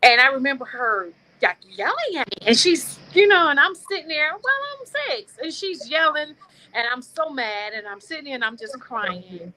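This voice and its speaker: A woman hosting a talk show, telling personal stories in an animated, preacher-like way. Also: high-pitched, moderate pace, rough recording. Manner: animated storytelling, preacher-like affirmations. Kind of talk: casual conversation.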